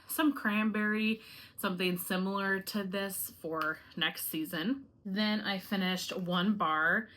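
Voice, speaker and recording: Woman vlogger, lowish voice, bright tone, friendly rambling chat to viewers. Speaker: home fragrance YouTuber. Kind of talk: casual chatty review vlog.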